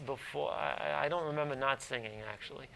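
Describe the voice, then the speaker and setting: A man's voice: mid-range voice, fast, vocal fry, pushed and bright, slight background noise, rough recording. A man, a guest actor, chatting and telling stories in a TV studio interview, rambling with restarts. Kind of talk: casual interview storytelling.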